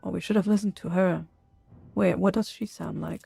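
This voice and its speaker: A woman streaming a video game, giving low-key, wry and exasperated commentary. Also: steady tone, moderate pace, creaky, warm tone, husky, no room sound. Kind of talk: casual live-stream commentary.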